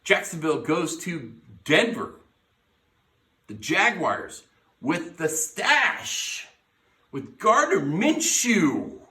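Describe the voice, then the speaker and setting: Brash, profane man, lively and bright. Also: on the high side, very slow. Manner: brash, profane, hyping his teams. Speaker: podcast host. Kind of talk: casual sports picks talk. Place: bar lounge. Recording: echoey room, mic at a distance.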